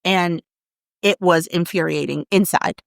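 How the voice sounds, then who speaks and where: A woman co-hosting a podcast in casual chat, leading the talk through topics with lively, animated delivery and quick murmurs of agreement. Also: on the low side, vocal fry, dry recording, clean studio sound. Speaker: podcast co-host.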